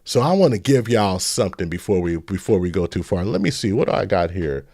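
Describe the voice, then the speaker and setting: Animated middle-aged man hosting a live stream. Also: deep voice, a little fast, vocal fry, no echo, clean studio sound. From San Francisco Bay Area. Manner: animated, rambling storytelling, shouting out viewers. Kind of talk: casual live-stream chat.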